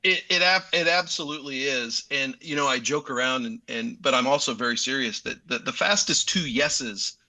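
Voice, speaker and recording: An easygoing middle-aged man in a laid-back radio chat, joking and rambling through fillers and restarts. His voice is very bright and forward, and his pitch sits at an ordinary middle level. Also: moderate pace, hardly any pauses. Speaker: guest actor. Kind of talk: casual radio interview.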